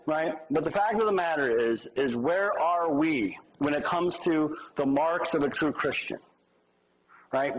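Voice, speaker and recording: A male pastor preaches in a relaxed, conversational way. His voice sits fairly high, and he shifts into lively, humorous asides. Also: slight background noise, low-quality recording. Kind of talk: sermon.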